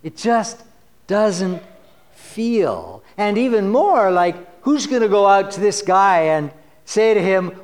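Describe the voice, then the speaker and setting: Male preacher, high-pitched, unhurried delivery, wry conversational tone, scripture read with force. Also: very animated, a little mellow, clean tone. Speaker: pastor. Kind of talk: sermon.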